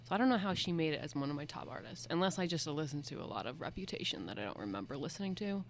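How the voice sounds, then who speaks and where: A woman's voice: low-pitched, expressive, very fast, a little hiss or hum. A young woman co-hosting a casual chat, talking in a rambling, chatty way and often second-guessing herself. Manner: chatty, rambling, self-questioning. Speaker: co-host.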